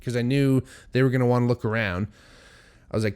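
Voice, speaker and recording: A man's voice: mid-range voice, steady tone, fast talker, a little mellow, clear, resonant tone. A young man hosting a podcast, telling a story in a rambling, profane, worked-up way. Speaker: podcast host. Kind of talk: casual storytelling monologue.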